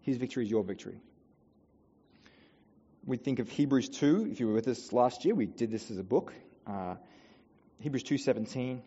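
An earnest male pastor preaching in a church hall, his voice trailing off into a long reverb. The sound is dull and muffled, and his pitch sits in a middling range. He presses hard on key lines, then falls quiet. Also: moderate pace, long pauses, breathy edge. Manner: earnest preaching, builds to emphatic peaks then drops soft. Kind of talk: sermon.

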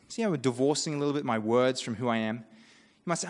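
A man with an Australian accent preaches a sermon in a conversational, animated way. He breaks off into quoted asides. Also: medium pitch, fast. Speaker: pastor. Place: church. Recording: long church reverb.

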